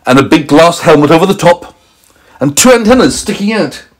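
A man improvising a playful bedtime story for a small child at home. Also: fairly quick. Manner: animated, playful, pitch swooping for emphasis. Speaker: parent storyteller.

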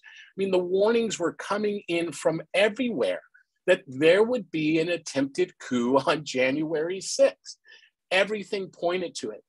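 A man speaking earnestly at a public panel, often pausing on "uh" and checking in with "right?". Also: fairly high pitch, husky, no room sound, rough recording. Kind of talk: public talk. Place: based in the Pacific Northwest.

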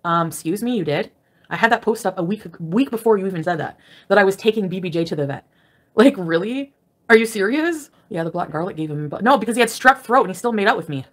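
A woman's voice: mid-range voice, expressive, quick pace. A woman ranting sarcastically and profanely during a casual livestream from her bed at home. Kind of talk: angry casual livestream rant.

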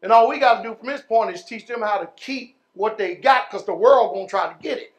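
Man, pastor, high-pitched, fiery sermon, drawn-out words, sudden shouts, folksy. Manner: folksy, calls the congregation y'all and man.

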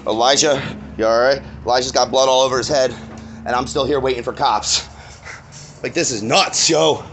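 A man's voice: mid-range voice, moderate pace, fairly bright tone, slight background noise. A shaken, angry man swears a lot as he recounts a dog attack outdoors in a parking lot, filming himself on a phone. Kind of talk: agitated first-person retelling.

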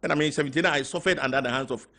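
An older man with a Ghanaian accent, talking as a guest on a talk show, halting and mixing in local words. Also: a little high. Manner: halting, mixing in local words, growing loud when telling a story. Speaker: guest party member. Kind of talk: casual talk show interview.

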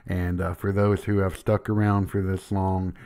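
Man, podcast host, lowish voice, hesitant, self-deprecating. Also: flat delivery, moderate pace, warm tone. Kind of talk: casual podcast talk.

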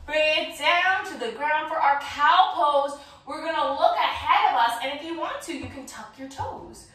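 A woman's voice: high-pitched, expressive, normal speed, fairly bright tone. A woman leading a children's yoga class with a playful, encouraging, sing-song manner. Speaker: kids yoga teacher. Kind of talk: guided kids yoga instruction. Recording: very echoey room from a distance.

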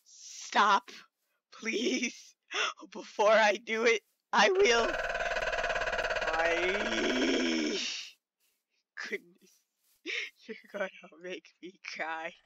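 A woman's voice: medium pitch, big pitch swings, extremely slow, long pauses, very noisy. A woman giving casual, chatty commentary while playing a game, easily startled and talking to the animals around her. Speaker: gamer streaming play. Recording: dull lo-fi sound.

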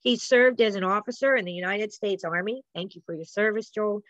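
A woman's voice: mid-range voice, brisk, a bit bright, no echo. Woman introducing a speaker, dull call audio. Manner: polite, reads a prepared bio. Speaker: event host introducing a speaker. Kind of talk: formal introduction. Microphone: video call.

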